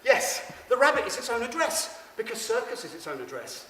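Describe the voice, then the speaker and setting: A man's voice: extremely high pitch, very animated, brisk, pushed and bright. A man giving a rambling, stammering stage monologue, addressing the audience directly. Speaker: stage performer. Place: performance stage in a hall. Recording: echoey hall, mic far off.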